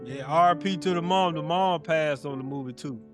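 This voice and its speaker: A man's voice: on the high side, fairly quick. A man co-hosting a casual chat show, animatedly retelling movie scenes and repeating himself as he goes. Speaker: podcast co-host. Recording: faint guitar music behind.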